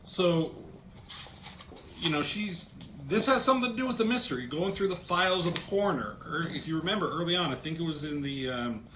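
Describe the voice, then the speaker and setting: A man with a bright, forward voice talks casually through a comic book page by page and reads the panel lines out loud, stumbling over his openings. his voice rings around a roomy space with a faint hum of background noise. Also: a little high, expressive, a little fast. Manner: hesitant, repeats words when starting thoughts. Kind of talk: casual review walkthrough.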